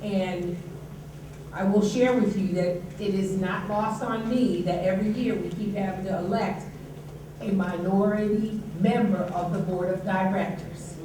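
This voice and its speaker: A woman's voice: medium pitch, fairly even intonation, unhurried. Woman chairing a meeting in an echoey hall. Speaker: union president chairing a meeting. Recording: echoey hall from far off, background noise.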